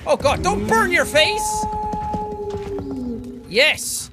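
A man in his twenties giving excitable let's play commentary, talking to an in-game creature like a pet and swearing now and then. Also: very high-pitched, extremely slow, over loud music. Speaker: gaming video host.

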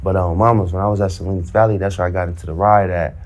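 A man with a fairly low voice tells his story in loose, slang-heavy talk. He acts out the back-and-forth himself, with lively energy. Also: very fast. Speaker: storyteller recounting prison life. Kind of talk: casual storytelling in a played interview clip.

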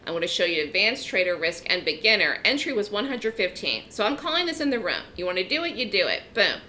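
A woman's voice: mid-range voice, very animated, fast, sharp tone, slight background noise. Emphatic woman teaching stock trading. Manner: emphatic, direct, frequent "okay?" check-ins. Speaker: trading educator. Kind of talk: trading lesson. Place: trading room webinar.

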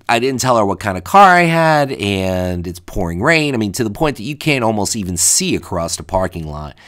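Animated man telling a dating story. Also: fairly low pitch. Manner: animated, exasperated storytelling with quoted dialogue.

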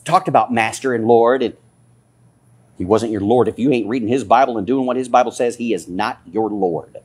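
A male pastor delivers a fiery sermon and scolds his listeners with rising passion. His voice is husky and a little breathy, and it sits at an ordinary male pitch before it climbs. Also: expressive, moderate pace, darkish tone.

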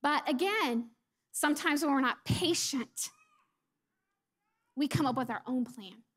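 Preaching a sermon at a measured pace, a mother speaks in a high voice. She performs the lines she quotes and at times drops to a soft near-whisper.

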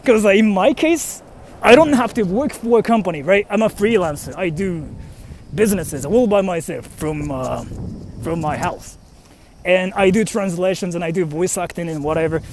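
High-voiced young man vlogging outdoors. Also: normal speed, a little hiss or hum. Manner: rambling, with fillers and self-questioning. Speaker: freelance translator and voice actor. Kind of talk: casual vlog talk while walking. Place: outdoors on a street, walking to a station.

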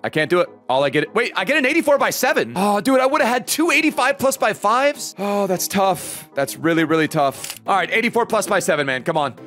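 A young man giving lively, excitable commentary as he plays a football video game, talking straight to his viewers and venting when things go wrong. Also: sits high, brisk, few pauses, soft background music. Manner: animated, talks to viewers, frustrated outbursts. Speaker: gaming YouTuber.

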